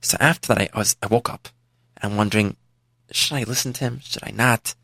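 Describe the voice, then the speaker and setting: Voicing an older former priest turned repentant rich man, a performer gives an earnest, confessional first-person account in a heavily acted style, pitched below his own voice. The lowish voice is steady, brisk, gravelly, bright and forceful, captured in a dry, studio-quality recording.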